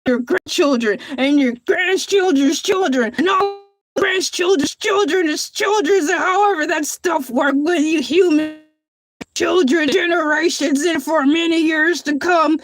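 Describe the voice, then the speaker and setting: A woman performs a boastful male shark hosting his own show in a character livestream, using a very high voice at a slightly slow pace. The shark rambles on grandly, full of self-praise.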